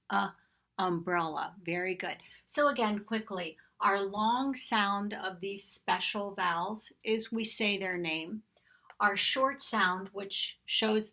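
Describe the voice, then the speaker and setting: A woman leads a phonics lesson for young children, slow and patient as she sounds out each letter. Her voice is bright, with a gravelly fry edging her words. She praises the children as she goes. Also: mid-range voice. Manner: encouraging praise directed at children. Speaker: kindergarten teacher.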